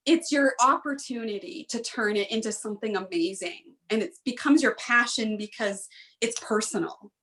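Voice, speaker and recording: A woman's voice: a little high, normal speed, a bit bright. A woman guest on a podcast, an author and speaker, talking earnestly and emphatically, telling a story with repetition. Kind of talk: motivational interview talk.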